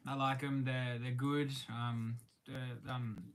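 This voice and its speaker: A young man with an Australian accent chatting casually on a live stream while eating lunch, halting often with ums and restarts and greeting viewers by name. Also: mid-range voice, flat delivery.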